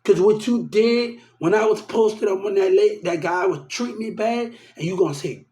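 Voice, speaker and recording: A man's voice: high voice, moderate pace, few pauses, warm tone. A man ranting heatedly about his mistreatment, repeating himself and quoting what others told him. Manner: repetitive, aggrieved, quoting others. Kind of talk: heated personal rant. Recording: echoey room.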